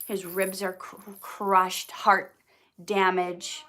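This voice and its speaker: A woman hosting a casual livestream, clearing her throat often and restarting her sentences as she tells a personal story, sounding teary. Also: medium pitch, level tone, very slow, bright, forceful tone. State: teary, emotional. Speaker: YouTube channel host answering viewer questions.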